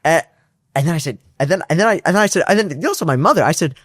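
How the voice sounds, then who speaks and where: A man's voice: fairly high pitch, animated, very fast, a bit bright, dry recording, studio quality. A young man, a startup founder, casually telling a story in an interview, acting out both sides of phone calls with lots of restarts and fillers.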